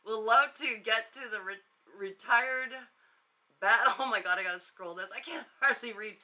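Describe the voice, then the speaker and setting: A woman's voice: fairly high pitch, moderate pace, sharp tone. A woman hosting a casual livestream, laughing often as she reads out viewer comments. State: muffled inside an inflatable costume at times. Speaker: psychic livestream host.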